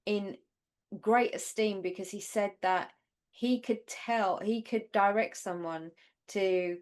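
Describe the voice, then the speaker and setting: A woman's voice: mid-range voice, steady tone, slow pace, a little mellow. A woman co-hosting a podcast from the north of England, chatting casually and rambling with many fillers. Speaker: podcast co-host. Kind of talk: casual chat.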